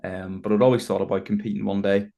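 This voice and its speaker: A man in his twenties with a Northern Irish accent, chatting casually as a podcast guest, relaxed and rambling with fillers. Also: on the low side, quick pace, creaky. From Northern Ireland. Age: 20s. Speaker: guest, bodybuilder. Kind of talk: casual chat.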